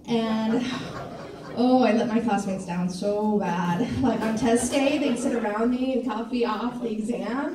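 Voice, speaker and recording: A woman from Missouri doing a stand-up comedy set on a club stage, with a dry, self-deprecating delivery full of pauses and fillers. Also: a little high. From Missouri, USA. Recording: echoey club room, mic from a distance, faint ambience.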